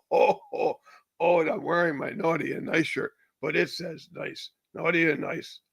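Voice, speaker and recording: A man voicing a jolly, teasing old Santa Claus with booming ho-ho laughs and slow, drawn-out lines in a live stream comedy bit. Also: gravelly, husky, no echo, heavily acted. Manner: slow, drawn-out, chuckling delivery.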